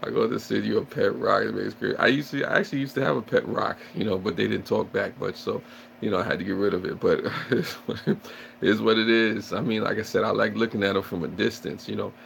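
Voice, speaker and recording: A man's voice: on the low side, fairly even intonation, a little fast, creaky, fairly bright tone, a little hiss or hum. A man chatting and joking with viewers on a casual livestream, rambling and playfully acting out scared shrieks. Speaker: livestream host.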